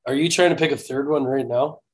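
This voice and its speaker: A man's voice: medium pitch, brisk. A man co-hosting a casual podcast, reading off stat lines and ribbing his partner with offhand swearing. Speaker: podcast co-host.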